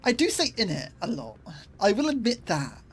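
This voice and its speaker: A woman's voice: medium pitch, huge pitch swings, moderate pace, husky, poor audio. A woman from Bristol with a Bristolian accent, streaming a game with playful, self-mocking casual chat. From England. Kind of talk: casual gaming commentary.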